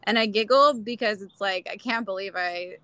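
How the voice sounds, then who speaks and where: A woman's voice: mid-range voice, moderate pace, pushed and bright, no room sound. A young woman, a mother, talking candidly as a podcast guest, often laughing and acting out quoted lines. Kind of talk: casual interview chat.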